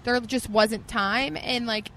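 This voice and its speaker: A woman comedian on a podcast, telling a story in an animated, self-mocking way. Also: a little high, takes it slowly, slight background noise. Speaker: comedian guest. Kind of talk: casual podcast chat.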